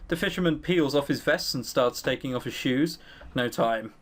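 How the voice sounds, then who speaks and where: A man reading a visual novel aloud as a let's player, with expressive delivery and playful asides. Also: medium pitch, normal speed.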